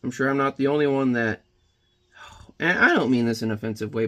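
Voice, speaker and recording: A man's voice: medium pitch, quick pace. Rambling man chatting while he paints. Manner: rambling, joking, then quietly reflective. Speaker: painting vlogger.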